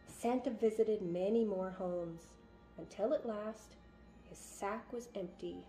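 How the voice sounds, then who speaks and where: A woman reading a children's picture book aloud as a storyteller, in a gentle, expressive manner. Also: on the high side, takes it slowly, soft background music.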